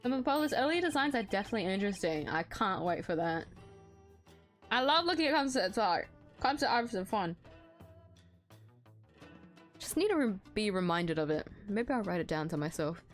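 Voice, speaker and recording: A woman streamer giving casual gameplay commentary, excitable, laughing often and swearing freely. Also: mid-range voice, moderate pace, pauses often. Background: faint background music.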